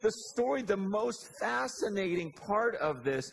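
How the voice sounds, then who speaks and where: A man's voice: high-pitched, sing-song, measured pace, creaky, a little hiss or hum. A man preaching a casual sermon, retelling scripture stories with slangy asides and acted-out quotes.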